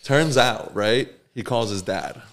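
A man's voice: medium pitch, slow. Young man telling a shop story. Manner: animated, acts out the people in his story. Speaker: tattoo artist, podcast co-host. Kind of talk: casual storytelling.

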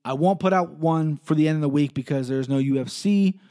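A man's voice: a little high, brisk, dark tone. A young man hosting a solo podcast, rambling and swearing casually, correcting himself as he goes. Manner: rambling, profane, self-correcting. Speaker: podcast host.

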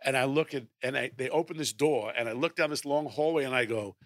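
A middle-aged man telling a lively story, acting out his own lines as he goes. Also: mid-range voice, quick pace, dry recording, clean studio sound. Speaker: guest storyteller. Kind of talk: animated anecdote telling.

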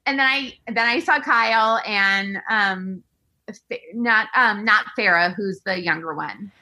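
A woman in casual chat, ranting fast and animated, full of fillers and swearing. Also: mid-range voice, poor audio.

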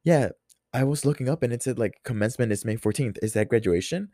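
A curious, chatty middle-aged mother, as a young man puts her on. The voice is pushed well above his own low register and sounds light and inquisitive, in a plain impression with no polish. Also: fast, mellow, no room sound, clean studio sound, natural voice. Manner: casual, curious, exaggerated impression.

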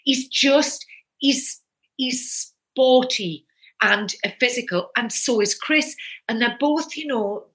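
A woman, chatting animatedly about her acting days and telling lively stories. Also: high-pitched, slow pace. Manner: animated, lively storytelling with quoted outbursts. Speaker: actress and guest. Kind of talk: casual conversation.

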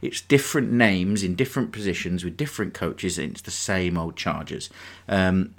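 Frustrated with his team, a casual sports podcast host launches into a rambling fan rant. His voice is low-pitched and moves at normal speed.

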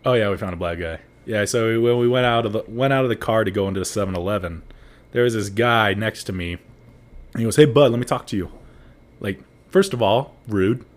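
A man's voice: on the low side, a little fast. Rambling young man telling a story. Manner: rambling, many likes and restarts, laughs often. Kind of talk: casual chat, storytelling.

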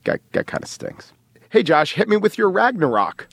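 A man co-hosting a podcast, talking in an animated, emphatic way. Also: high-pitched, moderate pace, no room sound. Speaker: podcast co-host. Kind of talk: casual chat, reading a prepared segment.

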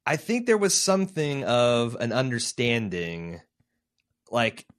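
A man in his thirties co-hosting a casual film chat, halting and searching for words, getting animated when he tells a story. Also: mid-range voice, smooth. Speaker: podcast co-host.

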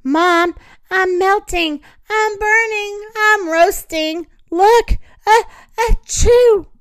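A woman voicing a frightened little boy who plays a brave knight, crying out in high excited shouts. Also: takes it slowly, no room sound, full character voice. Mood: scared. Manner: high excited cries and sneezes.

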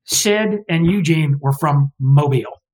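A man's voice: on the high side, measured pace, a little mellow, poor audio. A man from Alabama talking as a guest historian in an interview, digressive and opinionated, often correcting himself mid-sentence. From Alabama, US South. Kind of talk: conversational interview.

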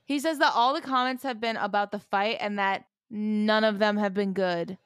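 A woman's voice: mid-range voice, steady tone, clear, resonant tone, no echo, clean studio sound. A woman co-hosting a casual podcast, recapping an old sitcom episode with profane jokes. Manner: profane, joking, retells scenes with quick put-on voices. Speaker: podcast co-host.

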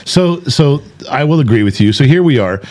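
A man's voice: mid-range voice, lively intonation, a little fast, a little mellow. A man hosting a candid conversational interview, talking earnestly and emphatically, often repeating himself for weight. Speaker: podcast host.

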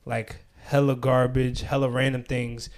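A man's voice: medium pitch, flat delivery, unhurried. A young man co-hosting a podcast, chatting casually with lots of slang and laughter. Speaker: podcast co-host.

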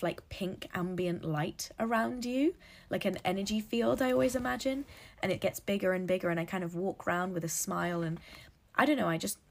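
A woman's voice: medium pitch, darkish tone. A woman hosting a casual solo podcast, chatty and rambling, laughing at her own slips. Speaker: podcast host.

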